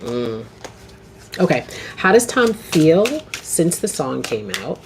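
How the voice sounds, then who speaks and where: A woman's voice: low-pitched, sing-song, slow pace, creaky. A woman doing a casual, rambling tarot reading to camera, often asking okay. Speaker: tarot reader. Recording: noisy home video recording.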